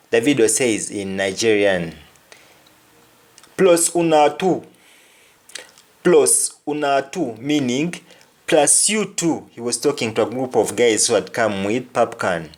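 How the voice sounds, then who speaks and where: A man teaching a language lesson, repeating each phrase and restating it several ways. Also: medium pitch. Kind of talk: explanatory lesson.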